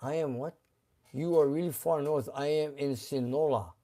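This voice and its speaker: Mellow-voiced man hosting a garage live stream. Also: a little high. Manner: relaxed, halting, with many uh fillers. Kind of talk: casual live-stream chat reading viewer comments.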